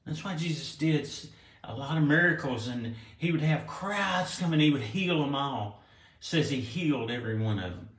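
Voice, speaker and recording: A male pastor giving a conversational sermon, reading scripture aloud and explaining it with restarts and soft chuckles. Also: on the high side, animated, normal speed. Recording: roomy echo.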